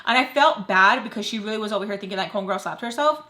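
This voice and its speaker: A young adult woman vlogger telling a personal story in an animated, emphatic way, full of fillers and the odd swear word. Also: medium pitch, very fast, few pauses. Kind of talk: storytime chat.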